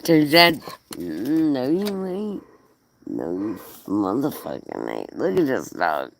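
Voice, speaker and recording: A woman's voice: very deep voice, huge pitch swings, slow, vocal fry. A woman talking casually to the camera and her dog, profane and giggly, slipping into playful baby-talk. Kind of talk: casual rambling vlog to camera.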